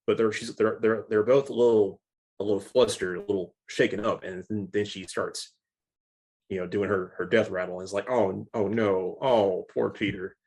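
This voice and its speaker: Young guy with a lowish voice gushing about a film, trips over his words a lot, keeps restarting. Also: brisk. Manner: excited, stammering with many restarts. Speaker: movie reviewer. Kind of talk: casual chat.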